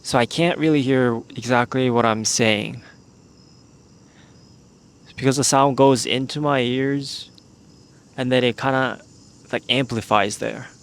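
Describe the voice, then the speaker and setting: A man hosting a casual solo podcast, talking in a relaxed, meandering way into a handheld microphone while outdoors. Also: medium pitch, a little slow, long pauses, clear, resonant tone. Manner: relaxed, meandering, with many "like" fillers. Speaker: podcast host. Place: outdoors in a remote spot.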